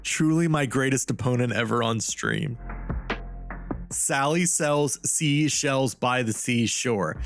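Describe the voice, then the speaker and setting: A man's voice: medium pitch, slow, over music. A man chatting casually on a live stream as a streamer, rambling and talking to his chat while testing a studio microphone. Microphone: studio mic.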